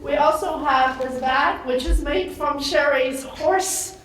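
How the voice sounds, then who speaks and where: A woman organizer hosting a community event, speaking slowly and haltingly with many fillers. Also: high voice, fairly bright tone. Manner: slow, hesitant, many fillers. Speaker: committee organizer. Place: town meeting hall. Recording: distant echoey hall.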